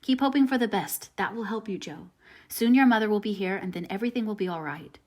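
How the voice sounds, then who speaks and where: A warm, boyish teenage friend from a classic story, voiced by a woman narrator without changing her voice much. He speaks earnestly and hurries his words when eager. A straightforward audiobook reading. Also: mid-range voice, fast, natural voice. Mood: comforting. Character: kind, boyish teenage boy, teasing friend.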